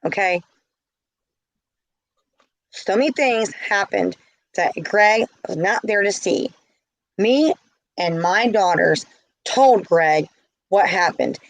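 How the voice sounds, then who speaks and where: A woman's voice: mid-range voice, dry recording, rough recording. A middle-aged woman telling a story in a casual vlog, heated and indignant. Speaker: vlogger.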